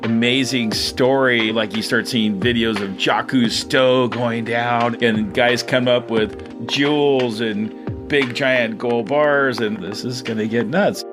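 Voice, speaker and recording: Middle-aged fisherman guy, chatty and animated, laughs a lot, quiet music under him. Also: medium pitch, takes it slowly. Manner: animated, chatty, laughs often, many "you know"s. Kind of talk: casual storytelling interview.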